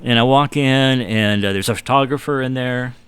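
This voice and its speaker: A man's voice: medium pitch, moderate pace, clear, resonant tone, no room sound. A middle-aged man telling a rambling, self-deprecating story in a casual chat, acting out what people said. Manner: animated anecdotes with acted-out quotes. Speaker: guitar builder guest.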